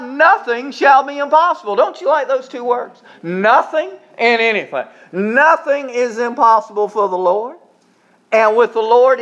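A male pastor delivers an emphatic sermon in a strikingly high voice. He slows down on the words he wants to land and calls the congregation to repeat them after him. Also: fairly bright tone. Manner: emphatic preaching, slow stresses on key phrases, asks congregation to repeat.

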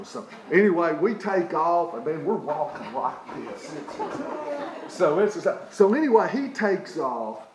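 Guy preaching, folksy, keeps saying okay, fairly high voice, echoey room. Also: very animated, a little slow, a little mellow. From East Tennessee. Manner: folksy, often asks "okay?". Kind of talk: sermon with a personal story.

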